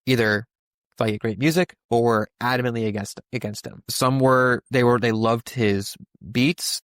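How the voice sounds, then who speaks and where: A man's voice: medium pitch, fairly even intonation, normal speed, fairly bright tone, no room sound, studio quality. A young man co-hosting a podcast, talking through a Bible passage in a casual, rambling way with many restarts and fillers. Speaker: podcast co-host.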